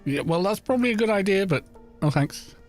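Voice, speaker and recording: A middle-aged man with a London accent chats with viewers in a rambling way while streaming a game, soft music playing behind him. His voice sits high, with lively intonation and a fairly quick pace.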